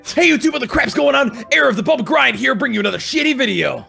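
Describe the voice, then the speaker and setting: A man playing a cocky, douchey male YouTuber who shouts his channel intro. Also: very high-pitched, expressive, quick pace, gravelly, soft background music, heavily acted. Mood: brash hype. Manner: shouted brash intro patter.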